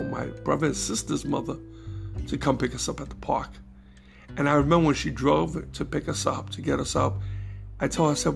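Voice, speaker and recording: A man's voice: medium pitch, vocal fry. A middle-aged man, hosting a podcast and telling rambling personal stories full of fillers and laughs. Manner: rambling, warm-hearted, laughs between stories, many fillers. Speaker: podcast host. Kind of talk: casual storytelling monologue.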